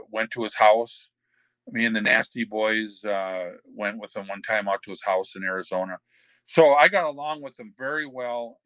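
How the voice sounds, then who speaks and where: An older man who used to wrestle is a podcast guest, telling backstage anecdotes in a rambling way full of fillers and restarts. His voice sits on the low side with a fairly bright tone, and the recording is dry.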